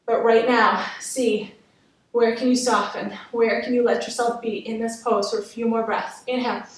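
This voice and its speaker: A woman yoga instructor leads a workout class, encouraging everyone and counting down reps. Her voice is on the high side, recorded from a distance off-mic in an echoey room.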